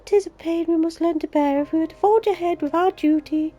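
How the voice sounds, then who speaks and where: A woman's voice: very high voice, a little fast, mellow, pitched above the performer's own voice. A Yorkshire woman mimicking a solemn young leader. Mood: mock solemn. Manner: mock-solemn, archaic-sounding reading.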